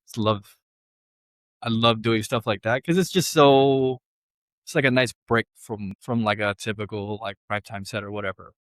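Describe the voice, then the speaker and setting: A young adult man, a DJ guest, telling stories in a relaxed slangy way with many fillers and animated quoted voices. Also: moderate pace, no echo. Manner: animated, acts out quoted voices in a higher pitch. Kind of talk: casual interview storytelling. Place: podcast studio.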